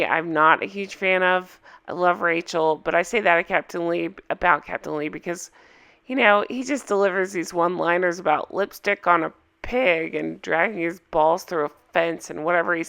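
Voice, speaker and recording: A woman recaps a reality series in a casual, opinionated way. Her voice is hoarse from a cold, gravelly with fry and pitched a bit low. She keeps inviting her viewers to weigh in. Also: a bit bright. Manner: chatty, opinionated, asks viewers for comments.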